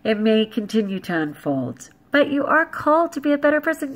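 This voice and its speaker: Animated woman vlogger, blunt and jokey, somewhat high voice. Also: a little fast, low-quality recording. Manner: animated, blunt and joking, with laughs. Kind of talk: casual vlog talk.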